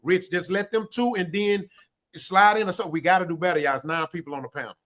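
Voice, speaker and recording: A man's voice: high-pitched, steady tone, fast talker, fairly bright tone. A man moderating a panel call who urgently pleads for order and hands out turns. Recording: crowd noise behind.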